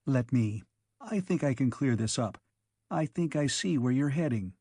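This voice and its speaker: A man's voice: medium pitch, expressive, normal speed, warm tone, breathy edge, dry recording, clean studio sound. A man voicing a firm, commanding young woman giving orders.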